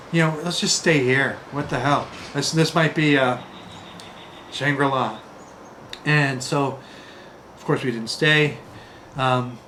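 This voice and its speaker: A man from Chicago in his fifties, telling travel stories in a casual, rambling, animated way with lots of "you know". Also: medium pitch, slight background noise. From Chicago, USA. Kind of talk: casual storytelling.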